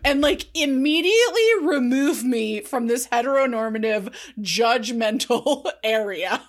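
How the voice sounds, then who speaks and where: A young adult woman co-hosting a podcast, recapping a show in casual, wry chat with quick asides. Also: on the high side, animated. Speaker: podcast co-host.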